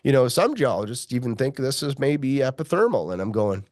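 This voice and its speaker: Profane, animated man telling a mining story. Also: mid-range voice, brisk, dry recording, studio quality. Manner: profane, animated, acts out quoted voices. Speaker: mining geologist guest. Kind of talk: storytelling interview.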